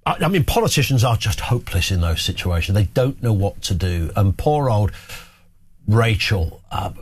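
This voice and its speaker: A man's voice: fairly low pitch, slightly rough. A man hosting an opinion talk show, delivering a sarcastic, scornful monologue with jokey asides. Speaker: host.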